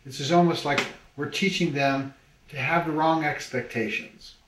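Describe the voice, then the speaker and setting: A man's voice: fairly high pitch, steady tone, normal speed, fairly bright tone. A man interviewing a guest, thinking aloud in long, searching sentences with some restarts. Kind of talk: reflective interview questions. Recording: roomy echo.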